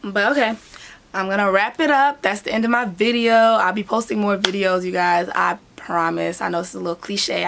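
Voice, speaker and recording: A woman hair braider telling a story in a casual, animated vlog. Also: mid-range voice, vocal fry, a little hiss or hum. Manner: animated storytelling, talks with hands.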